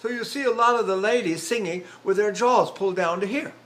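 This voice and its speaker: An older man, a trained tenor working as a voice teacher, lectures on vocal technique in a high, somewhat bright voice at a fairly quick clip. He breaks into sung syllables and vowels to demonstrate, with fillers and restarts along the way.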